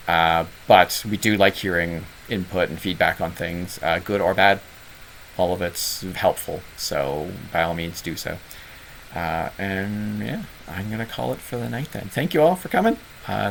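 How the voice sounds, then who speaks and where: Rambling Canadian man with a gravelly voice. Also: low-pitched, a bit bright, a little hiss or hum, low-quality recording. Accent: Southern Ontario Canadian. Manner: rambling, self-deprecating, many fillers. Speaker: host of a gaming club's online office hours. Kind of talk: casual livestream chat.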